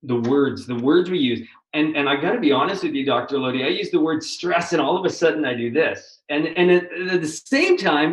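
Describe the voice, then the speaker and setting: A man hosting a conversational interview, earnest and animated, often restarting his phrases. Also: fairly high pitch, a little fast, roomy sound, low-quality recording. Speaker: host.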